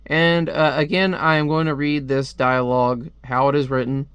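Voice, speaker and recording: A man talking through a comic book review in a loose, rambling way, full of "like" and restarts. His voice sits a bit high and sounds smooth and crisp. The sound is close and dry, with no room around it. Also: little pitch movement, normal speed, fairly bright tone, dry recording, dull audio. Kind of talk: casual video review.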